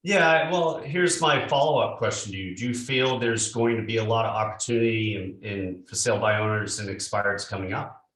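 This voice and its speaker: Give me a relaxed male panel host in a roomy, echoey recording. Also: fairly low pitch, a little fast, hardly any pauses. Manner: relaxed, asks guests questions. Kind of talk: online panel discussion. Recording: roomy echo.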